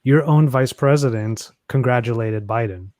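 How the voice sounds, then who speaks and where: A man from the United States co-hosting a podcast, telling stories in an expressive way and laughing as he talks. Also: medium pitch, normal speed, dry recording. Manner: storytelling, expressive, laughs while talking. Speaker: podcast co-host. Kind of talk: casual chat.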